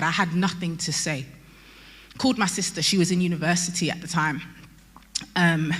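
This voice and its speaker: Woman, late 20s, candid testimony with humour, bright tone, hall reverb. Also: deep voice, slightly rough. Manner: candid storytelling with light humour. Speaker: youth convention speaker. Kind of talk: personal testimony.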